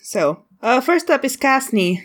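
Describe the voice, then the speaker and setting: A woman running a tabletop game as game master, describing scenes haltingly and calling for dice rolls. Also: high-pitched, big pitch swings, a bit bright.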